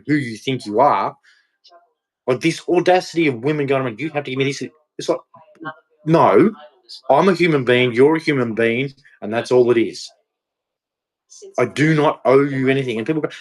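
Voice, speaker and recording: A man's voice: mid-range voice, poor audio. Blunt, profane Australian man ranting. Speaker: vlogger. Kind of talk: ranting monologue to camera.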